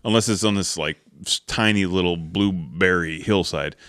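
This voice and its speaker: This podcast host's voice sits low, with a fairly bright tone and a normal speaking speed. He tells a hunting story in a loose, meandering way, leaning on "like" and "right?" and impersonating the people in it, captured in a dry, clean studio recording.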